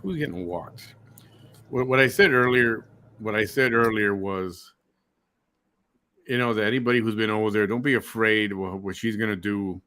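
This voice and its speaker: A man with a fairly low voice talks casually over a clip he is reacting to. He scoffs at what he hears and answers with sarcasm. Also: moderate pace, long pauses, sharp tone.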